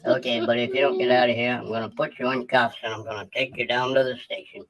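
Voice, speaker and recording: A man voicing a short-tempered male police officer in a parody voice-over, his voice sped up into a chipmunk pitch. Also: little pitch movement, fast talker, a bit bright, low-quality recording. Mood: stern. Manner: blunt, threatening. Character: gruff male cop, short-tempered, threatening. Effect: sped-up chipmunk pitch shift.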